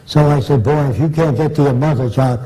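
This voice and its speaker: A man's voice: a little high, fairly quick, warm tone, rough recording. An older man answering audience questions with long, blunt, rambling anecdotes, acting out the people he quotes. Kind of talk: anecdotal storytelling in a Q&A.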